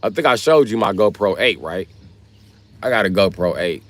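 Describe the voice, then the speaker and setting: Crude joking man with a low voice. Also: lively intonation, normal speed. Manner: crude, joking, rambling banter. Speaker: live streamer. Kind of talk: casual live-stream chat, reading viewer comments.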